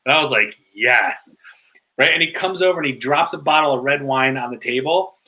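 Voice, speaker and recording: A man telling stories in a casual podcast interview, in an animated way with lots of filler likes. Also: mid-range voice, fast talker, rough recording. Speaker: guest.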